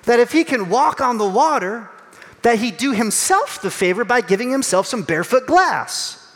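A male pastor giving a sermon in a conversational, animated way, acting out little voices as he tells the story. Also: very high-pitched, normal speed, in a large hall.

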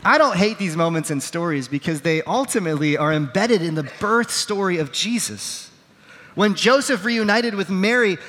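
A man's voice: high voice, sharp tone, long reverb tail. A man preaching a sermon from a stage with a microphone, telling stories with acted quotes in an earnest, self-deprecating way. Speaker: pastor. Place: on a stage in a large hall. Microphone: wearing a microphone.

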